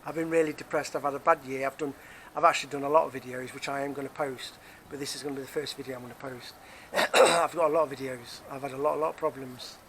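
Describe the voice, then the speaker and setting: A man's voice: mid-range voice, little pitch movement, quick pace, few pauses, a crowd in the background. A man with a Nottingham accent, talking casually and rambling to camera as a vlogger, repeating himself as he goes. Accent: Nottingham English. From England. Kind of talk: casual rambling vlog monologue. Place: outdoors near a car park.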